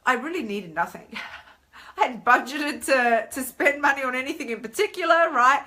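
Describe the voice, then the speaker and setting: An Australian woman in her thirties talking casually on a live stream as a coach, chatty and animated, acting out inner voices. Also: high voice, moderate pace. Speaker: weight-loss coach hosting a live stream.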